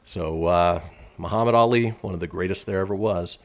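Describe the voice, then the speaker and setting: A man's voice: sits low, steady tone, fairly quick. A man hosting a casual radio show, reading history items in an upbeat way and laughing along with his co-host.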